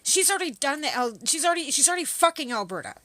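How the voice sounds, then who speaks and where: A woman's voice: sits high, very animated, fast, bright, forceful tone, no echo. A middle-aged woman from Canada hosting a livestream, talking in a casual, rambling and profane political rant. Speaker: livestream host. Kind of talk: casual ranting chat.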